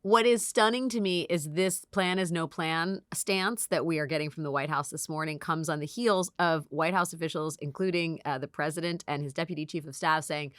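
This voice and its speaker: A woman hosts a political podcast in a casual chat. Her voice sits a bit low and sounds dry and close to the mic. She is sarcastic and animated, and she swears freely. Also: dry recording. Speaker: podcast host.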